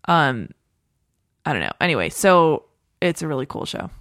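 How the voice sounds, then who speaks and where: A woman with a notably low voice co-hosts a podcast, chatting casually and rambling with plenty of fillers. Her voice sits close and dry, with no room sound around it. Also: very animated, normal speed, a bit bright, dry recording. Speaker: podcast co-host. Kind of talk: casual chat.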